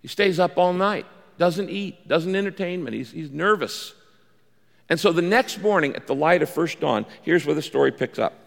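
A man preaching a sermon as the pastor, animated and acting out the voices in the story he tells. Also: moderate pace, gravelly. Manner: animated preacher, acts out quoted lines with big pitch jumps. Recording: long reverb of a large hall.

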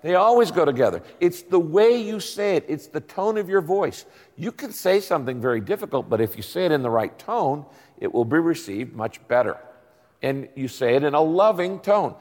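A male pastor delivers a sermon with a fairly high voice and a lively, swinging pitch. He leans on catchy rhymes and questions thrown out to the congregation. The sound carries a long reverb from a large church hall. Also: moderate pace.

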